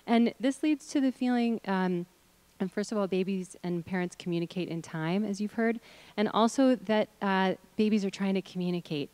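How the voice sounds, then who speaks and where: Woman, middle-aged, workshop leader, encouraging, hums and chants, middle pitch, dry close sound. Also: normal speed, darkish tone, no room sound. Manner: encouraging, breaks into hums, chants and sung demonstrations. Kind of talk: leading an audience in voice exercises.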